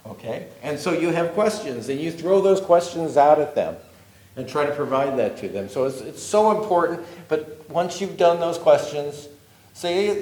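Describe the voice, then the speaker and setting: A man's voice: a little high, animated, moderate pace, darkish tone. A man giving a workshop talk on job interviews to a live audience, speaking conversationally and often checking in with "okay?". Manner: conversational, repetitive, lots of "okay?" check-ins. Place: meeting room with an audience. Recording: echoey meeting room.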